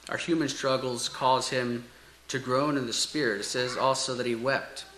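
Earnest pastor with a bright voice. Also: male voice, mid-range voice, steady tone. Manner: earnest, measured, dramatic recitation. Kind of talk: sermon with scripture reading, recited poem and prayer. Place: church sanctuary. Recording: echoey church room, faint hiss.

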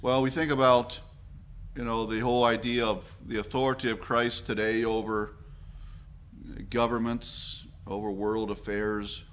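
A man from Canada preaches a sermon in an earnest, reflective way. He often pauses, fills gaps and restarts his phrases as he thinks aloud. His voice sits at a middle pitch for a man. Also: flat delivery, a little hiss or hum. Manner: earnest, reflective, with frequent fillers and restarts, growing quieter and slower.

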